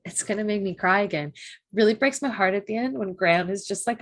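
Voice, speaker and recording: A woman's voice: mid-range voice, fast talker. A young adult woman co-hosting a reaction show, talking passionately, swearing freely and laughing often. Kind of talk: casual discussion.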